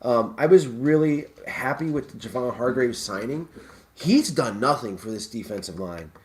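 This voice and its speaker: A man's voice: mid-range voice, lively intonation, moderate pace, a little mellow. A man hosting a live sports talk stream, rambling and stammering through restarts in casual chat. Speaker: live show host.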